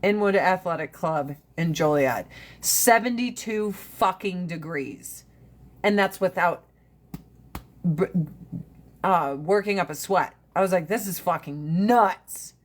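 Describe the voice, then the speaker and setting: A woman's voice: fairly low pitch, takes it slowly, pauses often. Woman, livestream host, casual chat, blunt, profane, rambling.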